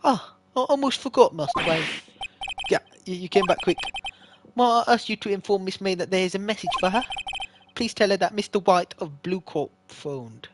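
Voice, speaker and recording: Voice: mid-range voice, expressive, moderate pace, background noise, voice pushed up, close to an everyday voice. A streamer voicing a polite, deferential hotel bellboy in a Michael Caine impression while reading a video game aloud. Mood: courteous. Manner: formal, deferential, says sir often, Michael Caine impression. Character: polite elderly male butler-like hotel bellboy. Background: loud game music.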